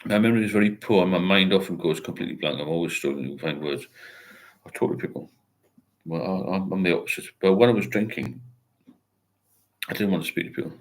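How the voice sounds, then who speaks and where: A man's voice: deep voice, quick pace. An older man hosting a casual livestream, rambling as he reads viewer comments aloud and answers them with encouragement. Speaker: host of a sobriety livestream. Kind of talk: casual live chat.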